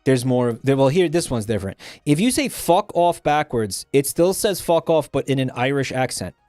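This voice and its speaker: A man's voice: mid-range voice, expressive, a little fast, darkish tone, dry recording, clean studio sound, soft background music. A man streaming live and chatting casually, joking around and swearing freely.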